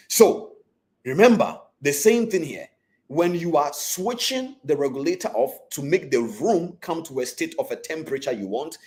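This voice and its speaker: Slightly high-voiced man teaching a live trading class, hammering points home with repetition. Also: darkish tone. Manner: repeats key points, keeps asking "are you with me?". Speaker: trading mentor.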